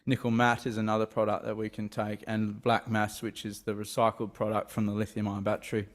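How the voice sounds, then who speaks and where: A man's voice: on the low side, monotone, fairly quick. A man giving an investor presentation, talking with many fillers and restarts. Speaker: company presenter.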